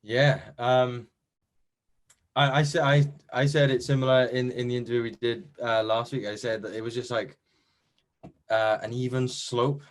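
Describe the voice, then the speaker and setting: A man's voice: medium pitch, flat delivery, moderate pace. A young man with a Welsh accent, chatting modestly in an interview about winning a competition, with lots of fillers and restarts. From Wales. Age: young adult. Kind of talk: casual chat.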